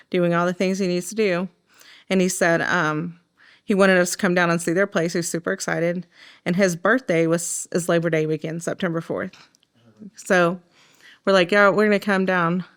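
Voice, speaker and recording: A middle-aged woman with an Oklahoma accent, telling her story in a documentary interview in an emotional, halting way with frequent fillers. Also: lowish voice, fairly bright tone, smooth. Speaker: mother of the deceased.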